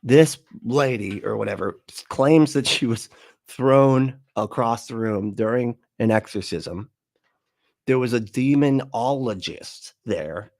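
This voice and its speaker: Man, livestream reaction host; lowish voice, sarcastic, swears freely, laughs a lot. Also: darkish tone, no room sound. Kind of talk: casual reaction commentary.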